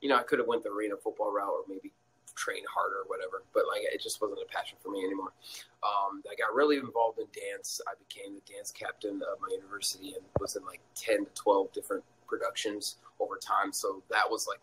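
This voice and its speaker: A fast-talking young guest with a husky voice animatedly relates a story in a casual interview, often laughing and performing quotes in a high voice, all in a low-quality recording.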